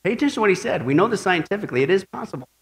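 A male preacher with a high voice delivers a lively sermon. He tells jokes and keeps asking his listeners questions. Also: very fast. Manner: animated, tells jokes, asks the congregation questions. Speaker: pastor.

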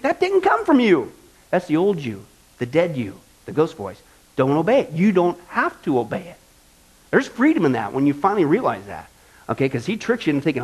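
A man's voice: sits high, sing-song, moderate pace, husky. A male pastor preaching a sermon in a folksy style, driving points home with repetition.

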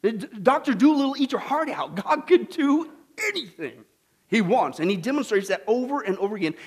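A man preaching a sermon, animated and folksy, with acted-out voices and asides to the congregation. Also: extremely high pitch, brisk, slightly rough. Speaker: pastor.

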